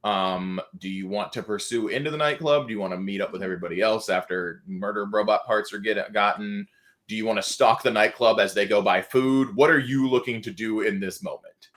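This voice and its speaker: Bright-voiced male game master. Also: lowish voice, fairly quick. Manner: casual and rambling, with many restarts and chuckles. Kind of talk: running a tabletop game on a livestream.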